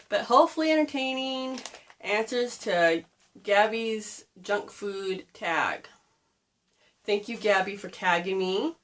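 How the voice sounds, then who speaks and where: A woman's voice: medium pitch, takes it slowly, a little hiss or hum. A woman in her mid-thirties talks about books in a loose, casual vlog. She rambles, wanders into side stories, and laughs at her own tangents. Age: 30s. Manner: rambling, chatty, digresses and laughs at herself. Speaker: book vlogger. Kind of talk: casual chat.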